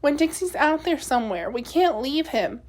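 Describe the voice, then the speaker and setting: A woman's voice: high voice, animated, normal speed. A woman voicing a stubborn ten-year-old girl who pleads and insists, read from a storybook. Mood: pleading. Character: stubborn ten-year-old girl, heartbroken over her lost dog.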